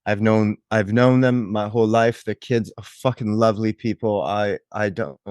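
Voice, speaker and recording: A man's voice: lowish voice, fairly even intonation, normal speed, a little mellow, clear, resonant tone, no room sound, close to an everyday voice. A man voicing a shocked, foul-mouthed neighbor witness, rambling and repeating himself. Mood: shaken. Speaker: podcast co-host. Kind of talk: improvised comedy sketch.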